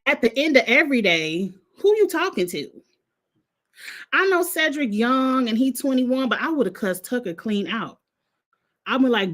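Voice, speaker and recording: A woman, hosting a casual reaction vlog in a blunt, heated, profane and animated way. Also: fairly high pitch, moderate pace. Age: adult with a son in college. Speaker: vlog host reacting to a reality show.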